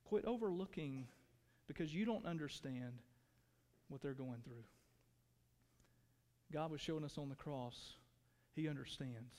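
A pastor preaching a sermon to his church, earnest, dropping to hushed tones and rising to pleading. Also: a little high, a little slow. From Texas. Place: church sanctuary. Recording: long hall reverb.

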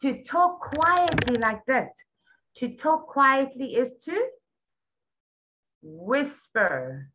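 A woman tutoring a young child one-on-one, patient and full of praise, repeating words slowly. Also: sits high, sing-song, pushed and bright, low-quality recording. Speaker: English tutor.

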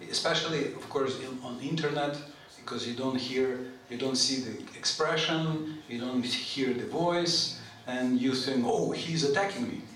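A man giving an informal scripture lecture to a live group, chatty and animated, putting questions to his listeners and often clearing his throat. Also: medium pitch, a little slow, few pauses, distant mic. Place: temple hall. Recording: very echoey hall, voice from off-mic, faint noise.

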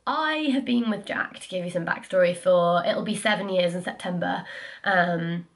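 A woman's voice: medium pitch, a bit bright. A young woman, chatting casually to camera about her life, sniffly, self-deprecating and full of fillers. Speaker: vlogger.

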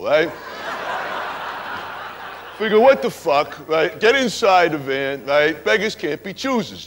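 A man's voice: high-pitched, a bit bright, a little hiss or hum, heavily acted. A man playing a brash, tough-talking young hitchhiker telling a wild story on stage, forever asking "right?". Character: wild young male hitchhiker spinning a stoner tale. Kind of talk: stage monologue character.

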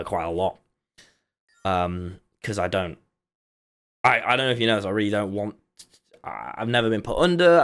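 A man casually telling a story, rambling and breaking off with laughter. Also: lowish voice. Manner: rambling, self-interrupting, laughing. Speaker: streamer.

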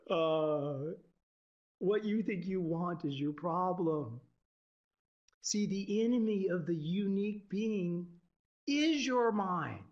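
A man's voice: high-pitched, lively intonation, takes it slowly. A man giving an informal, irreverent spiritual talk to a group, swearing freely and laughing often. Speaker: teacher. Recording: dull lo-fi recording.

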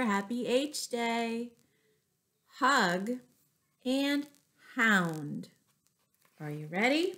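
A woman teacher reading a storytime to young children, slow, sing-song and encouraging. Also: a little high, a bit bright.

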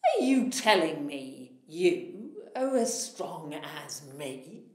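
A big, boastful giant who bellows slowly and blusters, as a woman storyteller puts him on. His words are loud and drawn out, with a lingering echo of the room around the voice. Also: sits low, big pitch swings, pitched below the performer's own voice, exaggerated voice. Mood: blustering. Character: huge boastful slow-witted male giant. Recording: echoey room.

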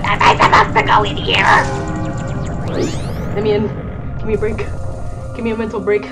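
A woman streaming a video game in casual commentary, excitable, swinging from low muttering to loud panicked yelps. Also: normal speed, long pauses. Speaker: gaming streamer. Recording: loud game music under the voice.

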